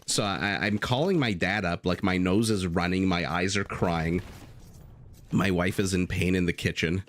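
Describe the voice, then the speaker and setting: A man's voice: low-pitched, steady tone, moderate pace, a little hiss or hum. A man casting a strategy game live, chatting casually with viewers and telling stories as he goes. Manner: chatty, easygoing, swears casually, tells stories.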